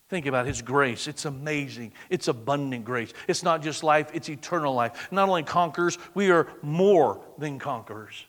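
A man preaching a sermon in church, swinging from loud exclamation to hushed, intimate prayer. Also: a little high, normal speed, few pauses. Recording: long reverb of a large hall.

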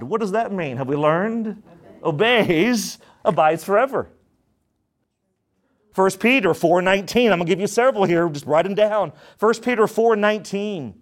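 A man's voice: high voice, expressive. A male pastor preaching a sermon, reading scripture emphatically and leading the congregation in prayer. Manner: slow prayerful tone.

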